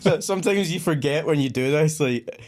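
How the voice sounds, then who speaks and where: A man co-hosting a casual podcast, excitable and quick to ask questions, with casual swearing. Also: fairly high pitch. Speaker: podcast co-host. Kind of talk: casual chat.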